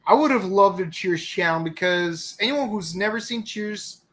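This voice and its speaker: Excitable casual co-host, quick restarts, mid-range voice. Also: mid-range voice. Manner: excitable, repeats words as he starts. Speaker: podcast co-host. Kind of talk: casual review chat.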